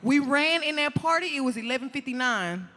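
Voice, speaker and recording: A woman guest telling animated, profane stories in a casual interview, laughing often. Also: sits high, a little fast, big-room sound. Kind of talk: casual storytelling.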